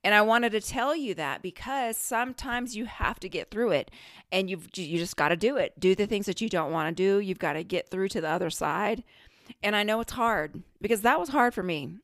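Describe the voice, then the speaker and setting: A middle-aged woman hosting a podcast, telling a story in a casual, animated way, often laughing and quoting her own self-talk. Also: medium pitch, moderate pace, no room sound, clean studio sound. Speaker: podcast host.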